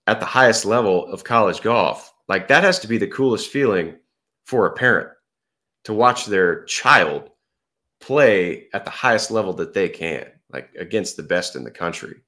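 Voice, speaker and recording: Middle-aged guy on a podcast, real low voice, easygoing storytelling. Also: normal speed. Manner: relaxed storytelling. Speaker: podcast guest, former pro golfer. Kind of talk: casual chat.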